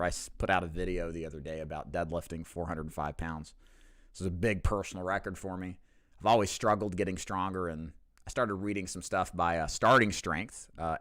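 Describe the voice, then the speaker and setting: Low-pitched, slightly bright, and clean, the host's voice comes through at studio quality with no echo. He owns an insurance agency and fields questions casually on camera, joking at his own expense, speaking candidly, and frequently restarting.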